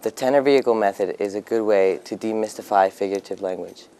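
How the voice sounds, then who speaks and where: Man, lesson explanation, smooth tone, low pitch, examples. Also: fast, mellow. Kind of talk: classroom explanation.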